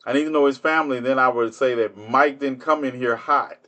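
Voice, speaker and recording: A man's voice: mid-range voice, fairly even intonation, fairly quick, pushed and bright, highs cut off. A man hosting a live stream, answering commenters in casual speech, mocking them with rhetorical questions. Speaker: livestream host.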